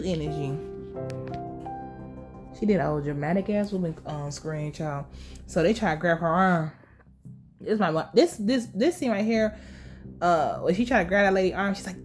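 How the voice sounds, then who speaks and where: A woman's voice: mid-range voice, animated, moderate pace, darkish tone, faint music behind. A young woman recapping a show in casual reaction commentary, with heated, profane, rambling rants.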